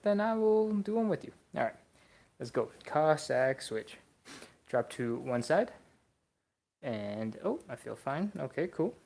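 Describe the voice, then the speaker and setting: A young adult stretching instructor leading a live class, coaching casually and counting reps between breathy exhales. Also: medium pitch.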